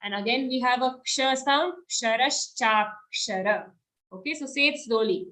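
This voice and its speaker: A woman's voice: fairly high pitch, moderate pace, bright, forceful tone, rough recording. A woman teaching verse recitation in an online class, patiently repeating syllables and alternating chanting with short explanations.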